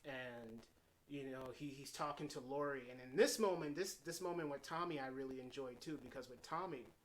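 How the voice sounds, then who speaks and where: A man's voice: medium pitch, normal speed. A man giving a casual, unscripted movie review, retelling scenes in his own paraphrased quotes with plenty of fillers and restarts. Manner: rambling, heavy on fillers and restarts.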